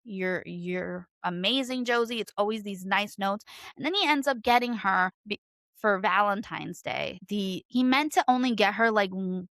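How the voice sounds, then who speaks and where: A young adult woman giving a casual book review, ranting in an animated way and swearing freely. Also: mid-range voice, normal speed, dry recording.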